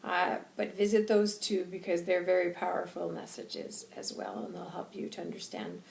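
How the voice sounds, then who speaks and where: Chatty woman with a gravelly voice. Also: fairly low pitch, moderate pace, a little mellow, roomy sound. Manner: rambling, chatty, laughing asides. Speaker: intuitive channeler, vlogger. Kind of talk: casual vlog chat.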